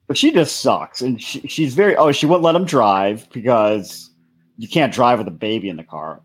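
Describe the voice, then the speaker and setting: A man's voice: mid-range voice, animated, moderate pace, breathy edge. A man co-hosting a comedy podcast, ranting casually in an exasperated way. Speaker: podcast co-host.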